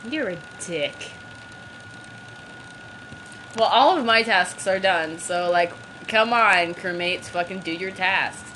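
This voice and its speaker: A woman playing a video game with a cousin, trash-talking loudly and then sulking in a low mumble. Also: a little slow, a little hiss or hum. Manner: loud, swings between yelling and mock-sulky mumbling. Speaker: podcast host playing a game. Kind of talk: casual gaming banter.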